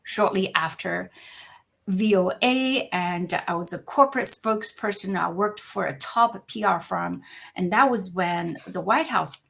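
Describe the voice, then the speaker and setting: A middle-aged woman from China speaks in a lowish voice with a gravelly edge. She is a podcast guest telling her story in an animated, conversational way, often tagging lines with "right?". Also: a little slow. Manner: animated, frequent "right?" tag questions. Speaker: podcast guest, company founder.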